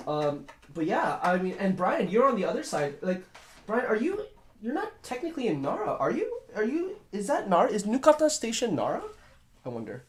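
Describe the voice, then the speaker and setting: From his home studio, a man runs a casual live stream, reading viewer comments and rambling along. He's playful, full of jokes and wordplay, with a pitch that bounces around in a lively, animated way at normal speed.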